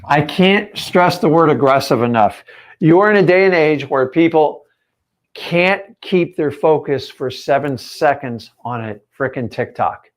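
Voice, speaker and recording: A man coaching his audience on a live stream, with a voice pitched somewhat high for a man. He talks straight at the viewers, pressing each point with blunt emphasis. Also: animated, measured pace. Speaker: real estate coach.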